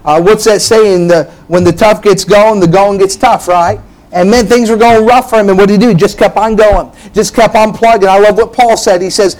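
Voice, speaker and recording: High-voiced energetic male preacher. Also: normal speed, poor audio. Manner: energetic, exclamatory, frequent "hey" and "man". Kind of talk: sermon.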